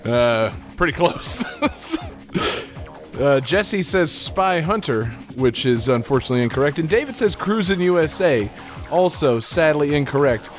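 Male podcast host, a bit high-voiced, chatty and giggly, soft music underneath. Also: big pitch swings, a little slow. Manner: laughs often, rambling with fillers. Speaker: podcast host presenting a game. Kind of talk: casual chat.

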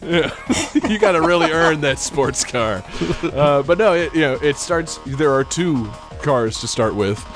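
Male podcast host, a bit high-voiced, chatty and giggly, soft music underneath. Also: big pitch swings, measured pace, hardly any pauses. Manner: laughs often, rambling with fillers. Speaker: podcast host presenting a game. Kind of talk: casual chat.

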